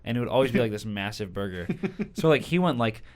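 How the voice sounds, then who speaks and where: A young man hosting a college radio podcast, chatting casually, laughing often and telling stories with rising excitement. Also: fairly low pitch, fast. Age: young adult. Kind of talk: casual interview chat.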